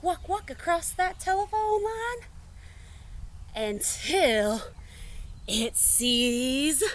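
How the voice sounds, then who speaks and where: A young woman leading young children through an animal-themed movement workout, in a slow, encouraging, sing-song way. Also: high-pitched, fairly bright tone. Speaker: children's activity instructor.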